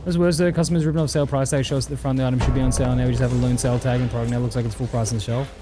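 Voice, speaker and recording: A young Australian man streaming a game, chatting casually, swearing often and reading chat, over clear background music. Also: medium pitch, steady tone, very fast. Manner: laid-back, swears often, reads chat.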